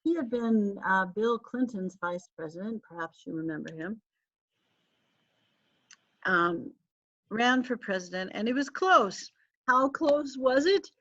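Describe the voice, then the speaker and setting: A woman teaches a college class over a video call, talking casually and laughing at her own asides. Her pitch sits in the middle, and the call audio is a little dull and muffled. A sneeze or cough breaks in now and then. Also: lively intonation, takes it slowly, pauses often, a bit bright. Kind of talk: casual online class lecture.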